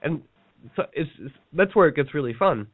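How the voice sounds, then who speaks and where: A fairly high-voiced man tells stories in a casual, animated way and acts out other people's voices as he goes. He sounds like he is on a tinny, phone-like line. The sound is dry and close, with no room echo. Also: moderate pace, husky. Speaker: workshop teacher. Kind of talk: casual storytelling talk.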